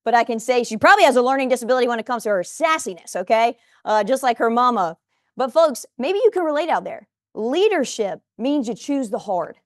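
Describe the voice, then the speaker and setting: A woman's voice: fairly high pitch, animated, brisk, dry recording. A woman in her forties gives a motivational talk in a studio, speaking emphatically and addressing viewers directly.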